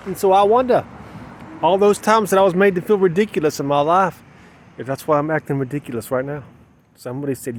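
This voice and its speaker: A man's voice: fairly high pitch, fairly even intonation, fairly quick, a little hiss or hum. A man talking to his camera in a rambling, emotional way, repeating himself as he questions his own feelings, outdoors. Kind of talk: personal vlog monologue.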